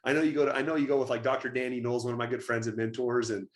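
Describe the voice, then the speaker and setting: An earnest man hosts a podcast, his voice a touch low in pitch. He rambles through his points with many ums and repeated starts, addressing his listeners directly. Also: flat delivery, rapid-fire. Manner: earnest, rambling, filler-heavy. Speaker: podcast host, chiropractor. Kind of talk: podcast interview.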